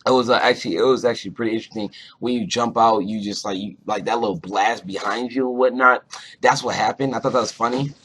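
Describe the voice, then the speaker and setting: A man's voice: medium pitch, fairly even intonation, quick pace, fairly bright tone, breathy edge. A young man rambling through a casual episode review, swearing often and leaning on fillers like "you know" and "whatnot". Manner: rambling, profane, lots of fillers. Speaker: cartoon reviewer.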